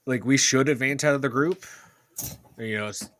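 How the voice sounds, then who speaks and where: A man's voice: medium pitch, moderate pace, fairly bright tone, slight background noise. A man from the Pittsburgh area co-hosting a sports podcast, chatting loosely with lots of fillers and swearing. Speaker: podcast co-host. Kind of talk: casual sports chat.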